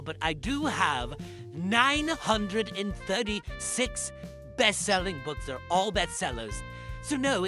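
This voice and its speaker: A man playing a vain, pompous bestselling novelist in a comedic mock interview, boastful and easily offended. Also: high voice. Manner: boastful, indignant, self-important.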